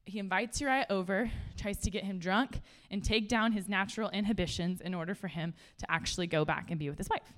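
A woman giving a casual, conversational sermon to a room of listeners. She is chatty and animated, laughs often, and says "like" a lot. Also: mid-range voice, brisk, hardly any pauses. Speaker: speaker at a church gathering.

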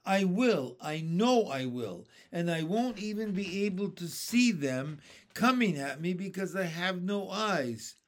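A man voicing a fearful, whining blind male earthworm in a storybook, complaining loudly. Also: high-pitched, lively intonation, a little slow, voice pushed up. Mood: despairing. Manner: whiny and complaining.

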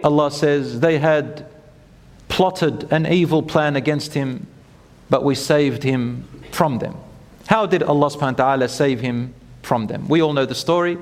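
Male preacher, animated storyteller, chants verses, reverberant hall recording. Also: fairly high pitch. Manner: animated, acts out quotes, chants Quran verses. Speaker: Islamic preacher. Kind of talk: storytelling sermon.

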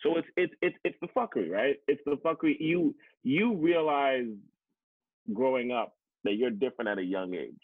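A man's voice: medium pitch, lively intonation, moderate pace, no room sound. A man from Canada telling personal stories in a blunt, emphatic way, swearing and repeating words for stress. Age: adult, past teachers college. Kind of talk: candid conversational storytelling. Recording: tinny phone-like sound, dry.

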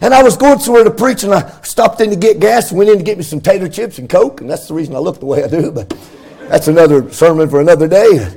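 A middle-aged pastor, preaching a fervent sermon in a sing-song cadence that swells into shouts. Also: male voice, high-pitched, expressive, quick pace, vocal fry.

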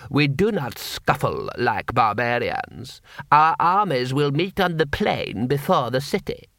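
Male narrator as formal, proud warlord; slow, stern. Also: mid-range voice, very animated, vocal fry, fairly bright tone, no echo, studio quality, full character voice.

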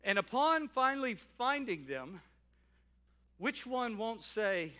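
Pastor, male, higher pitch, animated preaching with hushed asides. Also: slow pace. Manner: animated, shifting between loud calls and quiet asides. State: out of breath at times. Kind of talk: sermon. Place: church sanctuary.

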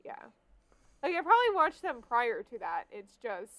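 A woman's voice: a little high, wildly swooping pitch, normal speed, a bit bright, rough recording. A young woman in casual chat, easygoing and agreeable, with many "like" fillers.

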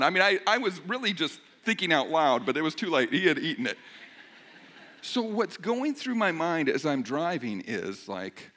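Middle-aged male pastor, slightly high voice, very expressive, self-mocking storyteller in a sermon. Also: moderate pace. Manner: animated, self-mocking, joking with the congregation.

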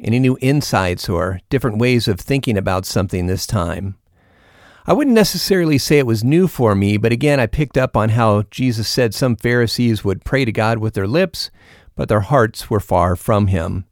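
A man hosting a devotional scripture reading, opening with prayer and reading in a measured, earnest way. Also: lowish voice, expressive, dry recording, studio quality. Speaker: Bible reader and host.

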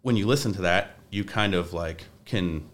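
A man's voice: low voice, normal speed, fairly bright tone. A young man, a podcast guest, talking casually in a rambling way with many restarts. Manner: rambling, restarts often, says like a lot.

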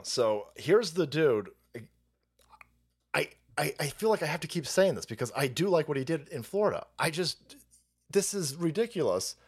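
Profane, lively ranting male streamer. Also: on the high side, normal speed, breathy edge. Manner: profane, rambling and mocking, often laughing. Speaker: political streamer. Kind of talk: ranting live-stream commentary.

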